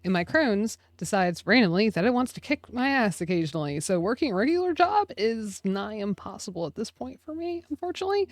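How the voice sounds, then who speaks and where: A woman's voice: medium pitch, lively intonation, a little fast, few pauses, dry recording. A young woman from central Pennsylvania co-hosting a podcast, telling stories in casual chat and swearing now and then. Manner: chatty storyteller, swears casually. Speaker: podcast co-host.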